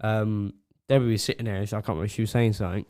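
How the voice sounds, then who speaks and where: A man's voice: on the low side, steady tone, very fast, dark tone. A young man co-hosting a podcast, who teases and laughs a lot in casual chat. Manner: giggly, teasing listener. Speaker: podcast co-host.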